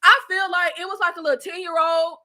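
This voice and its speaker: A woman reviewing a TV series in a casual live chat, blunt and slangy, getting worked up, yelling and laughing at her own jokes. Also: extremely high pitch, level tone, quick pace. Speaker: show reviewer.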